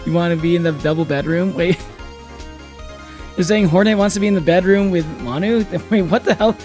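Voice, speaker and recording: A man's voice: high-pitched, fairly quick, a little mellow, faint music behind. A man streaming a game, chatting playfully with viewers and laughing often. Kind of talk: casual let's-play chat with viewers.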